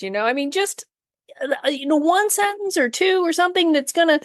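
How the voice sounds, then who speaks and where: A woman dog trainer chatting as a podcast co-host, with a notably high voice. She agrees readily and adds quick, practical advice. The recording is close and dry. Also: animated, dry recording. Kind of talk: casual podcast chat.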